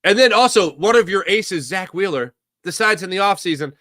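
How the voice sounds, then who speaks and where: Excited bright-voiced man talking sports. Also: sits high, fairly quick, few pauses, no room sound, studio quality. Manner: excited, rambling, fan-like. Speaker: sports podcast host. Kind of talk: casual sports commentary. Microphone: podcast mic.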